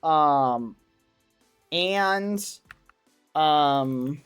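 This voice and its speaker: Slow-talking excitable male streamer. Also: on the high side, clear, resonant tone, faint music behind. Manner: excitable, talks to his chat; wholesome, avoids swearing. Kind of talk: casual gaming livestream chat.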